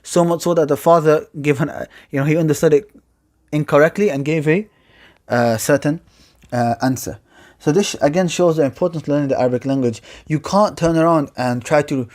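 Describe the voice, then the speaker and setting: Man teaching Arabic grammar, fairly high voice. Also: darkish tone. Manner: explains step by step, reciting Arabic verse quickly between English explanations. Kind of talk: classroom lecture.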